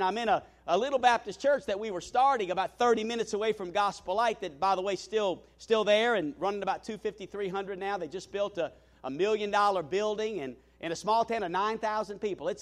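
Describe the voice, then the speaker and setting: A male pastor telling a story in a sermon, animated and self-deprecating, with frequent restarts and "you know". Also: sits high.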